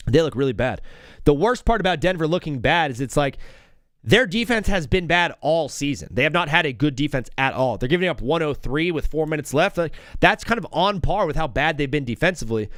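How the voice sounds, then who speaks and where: A young man hosts a live sports stream in an easy, rambling way, tossing out jokes and plenty of "dude." His fairly high voice swings up and down with lively energy. The sound is dry and close, with little room around it. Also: brisk, dry recording. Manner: rambling, joking, heavy on "dude" and "bro".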